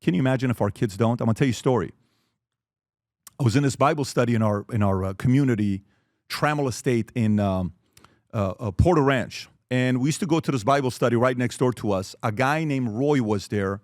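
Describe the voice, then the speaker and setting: A man's voice: medium pitch, fairly quick, darkish tone, no echo, clean studio sound. A man in his forties giving an earnest motivational talk on fatherhood and asking the audience questions. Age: 40s. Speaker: speaker.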